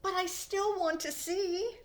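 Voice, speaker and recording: A woman reading a picture book aloud, voicing a curious, excited little boy. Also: slow. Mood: timid. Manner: eager, high and bright.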